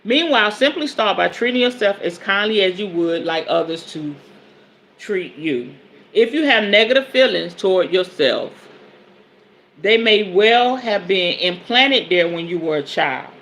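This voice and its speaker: This podcast host and spiritual advisor is a woman in her forties whose medium-pitched voice sounds fairly bright, with a little hiss or hum in the recording. She alternates between reading a self-help book aloud and stopping to preach on it, colloquial and emphatic.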